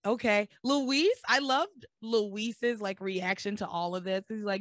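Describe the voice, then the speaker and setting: A hoarse woman who is losing her voice, so it sounds deeper than usual, hosting a podcast and recapping a soap opera in animated, joking chat. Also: slow pace, no echo. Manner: animated, joking, laughs often. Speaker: podcast host.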